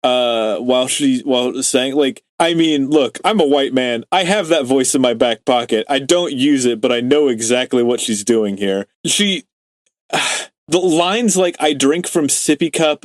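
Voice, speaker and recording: A man's voice: mid-range voice, no room sound. A man in his twenties co-hosting a podcast, chatting casually and rambling with lots of filler words and the odd curse. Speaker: podcast co-host. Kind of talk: casual chat.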